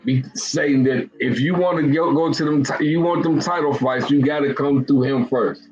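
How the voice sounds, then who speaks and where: A man's voice: on the high side, normal speed, dull audio, music in the background. A man hosting a casual live boxing talk show, thinking aloud and often repeating himself.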